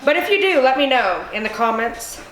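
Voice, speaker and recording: Tipsy, foul-mouthed woman cooking, fairly high voice. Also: sing-song, brisk, fairly bright tone, a little hiss or hum. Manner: casual, swears a lot, rambling. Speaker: cooking vlog host. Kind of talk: casual cooking demo. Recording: echoey room with music behind.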